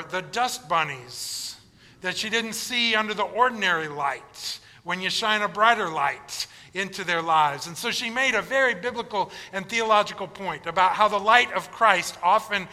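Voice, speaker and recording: Male pastor, conversational storyteller, high bright voice, long church reverb. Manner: conversational storytelling, informal asides. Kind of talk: sermon.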